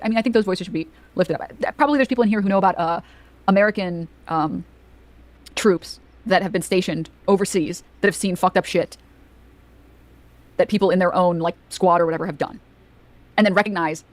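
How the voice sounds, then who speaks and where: A woman's voice: mid-range voice, dry recording. A woman streamer in a played clip, talking loosely with fillers and swearing. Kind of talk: casual livestream chat.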